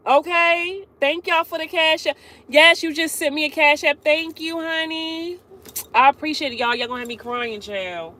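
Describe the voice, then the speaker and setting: A woman's high, bright voice in a casual live stream, chatting with her viewers. She laughs often and keeps turning to address them directly. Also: moderate pace.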